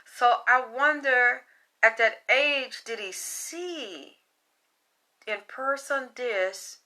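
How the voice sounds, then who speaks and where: Woman, spiritual reader, bright tense voice, fairly high, blunt, swearing, animated storytelling. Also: drawn-out words. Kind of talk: casual profane storytelling.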